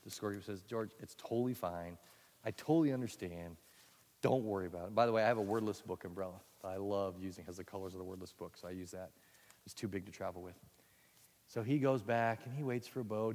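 Animated male storyteller in a hall. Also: on the low side. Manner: animated, playful, builds up and slows down for effect. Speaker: children's ministry teacher. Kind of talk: storytelling demonstration for teachers.

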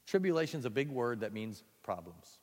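Animated male storyteller in a hall. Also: medium pitch. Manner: animated, playful, builds up and slows down for effect. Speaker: children's ministry teacher. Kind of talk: storytelling demonstration for teachers.

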